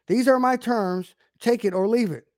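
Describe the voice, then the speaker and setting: A man voicing God as a stern, commanding figure, speaking slowly and curtly within a sermon. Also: very high-pitched, voice pushed up. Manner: curt, slow, laying down terms.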